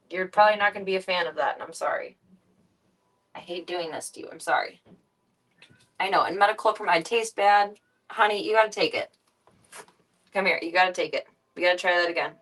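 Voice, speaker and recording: Female streamer, casual, gentle coaxing tone; lowish voice, recorded off-mic. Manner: soft, coaxing talk to her pet. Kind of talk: casual chat. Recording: distant mic.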